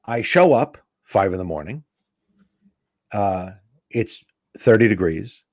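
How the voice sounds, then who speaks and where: Speaking slowly in a lowish voice, this man is a guest comedian spinning a relaxed story and performing each line of dialogue with gusto. The sound is clean, dry studio audio.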